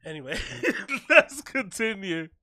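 A man hosting a live reaction stream, rowdy and excitable, laughing often and swearing. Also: high-pitched.

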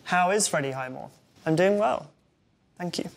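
Wry young Englishman, gravelly edge. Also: high voice, animated, moderate pace, faint music behind. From England. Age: 20s. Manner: wry, self-deprecating. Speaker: interviewee. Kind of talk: reading web questions aloud and answering.

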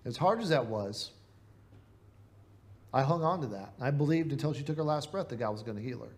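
A man's voice: medium pitch, normal speed, a little mellow. A man with a Midwestern American accent preaching a sermon in a church, earnest and conversational, asking the congregation rhetorical questions. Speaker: pastor.

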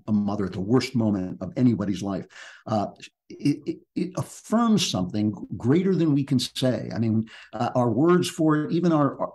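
A man's voice: on the low side, darkish tone. A man speaking as a podcast guest author, reflective and emphatic, often restarting his sentences. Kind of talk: podcast interview conversation.

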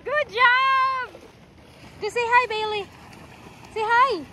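A woman's voice: extremely high pitch, steady tone, takes it slowly, bright, forceful tone. A woman talking to dogs at the beach in a sing-song baby-talk voice, giggling between lines, filmed on a phone outdoors. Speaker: dog owner filming at the beach. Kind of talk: casual chat and dog talk. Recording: outdoor wind and water noise.

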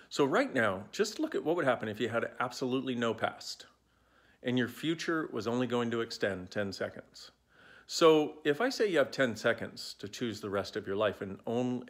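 A man in his forties talking casually to a phone held at arm's length, playful and prone to digressions, coaching his viewers. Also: medium pitch. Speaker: self-help speaker. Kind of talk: casual talk to camera.

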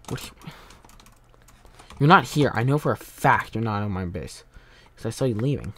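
A man hosting a gaming channel, rambling through Minecraft commentary and bursting into loud angry yelling. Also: lowish voice, expressive, normal speed, pauses often, breathy edge.

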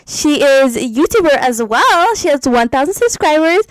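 A woman's voice: high-pitched, very animated, moderate pace, dry recording, poor audio. A young woman chatting casually as she plays, gushing and giggling often as she comments on her game. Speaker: gaming YouTuber.

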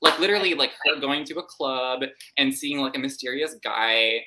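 A woman with a low but bright, sharp-edged voice hosts a live book club discussion. She tells the story bluntly and swears freely, putting on mock voices as she goes. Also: moderate pace. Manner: blunt, profane, animated retelling with mock voices.

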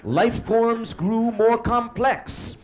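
A man performing comic theatrical narration on a live stage, with a drawn-out, mock-solemn delivery. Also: very high-pitched, crowd noise.

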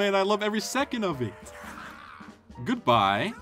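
A young man chats through a video game, his pitch a little high and swinging widely as he jokes and yelps. He talks casually to his viewers, and quiet game music plays behind him. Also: brisk. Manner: excitable, joking, loud outbursts. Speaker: gaming YouTuber. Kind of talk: casual gameplay commentary.

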